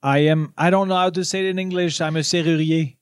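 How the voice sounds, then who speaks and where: A man's voice: on the high side, steady tone, quick pace, clean tone, no echo, clean studio sound. A man whose first language is French, with a Québécois accent, bantering on a podcast in hesitant English full of fillers. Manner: hesitant, many fillers, laughs often. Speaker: podcast co-host. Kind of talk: casual comedic banter.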